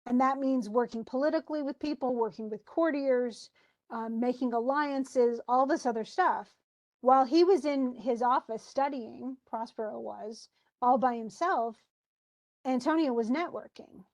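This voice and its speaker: An American woman teacher with a general American accent, giving an animated, chatty lecture with casual asides. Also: on the high side, moderate pace. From United States. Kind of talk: classroom lecture on a play.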